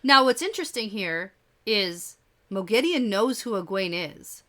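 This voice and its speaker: A woman co-hosting a podcast, chatting casually about a book with quick bursts of speech and frequent laughs. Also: mid-range voice, lively intonation, fairly bright tone. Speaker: podcast co-host.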